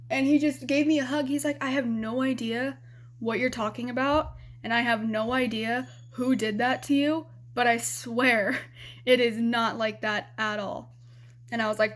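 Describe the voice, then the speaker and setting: Young woman vlogger from Arizona, fairly high voice, frank, rambling, cusses a lot. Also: steady tone, moderate pace. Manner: rambling, frank, swears freely, many "you know"s. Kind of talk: casual storytelling to camera.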